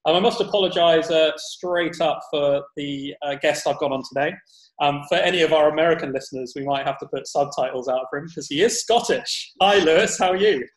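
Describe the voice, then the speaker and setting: A man's voice: fairly high pitch, brisk, echoey room, rough recording. A man hosting a podcast, casual, joking and swearing, laughing often. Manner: jokey, sweary, laughs a lot. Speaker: podcast host.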